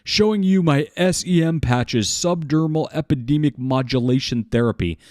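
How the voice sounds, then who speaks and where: Earnest chatty woman scientist, breathy raised falsetto, sing-song mocking read, dry close sound, put on by a man. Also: moderate pace, darkish tone, no echo, lightly acted.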